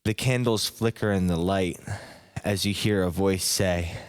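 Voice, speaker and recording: Slow, deep-voiced man doing parody hypnosis. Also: clean tone. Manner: slow, soft, second-person hypnotic narration. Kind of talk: parody sleep hypnosis narration. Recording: long hall reverb.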